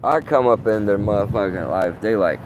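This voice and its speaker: A man livestreaming outdoors in a rambling, profane, animated monologue. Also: fairly low pitch, fairly quick, dull audio. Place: outdoors under open sky. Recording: wind noise on the mic.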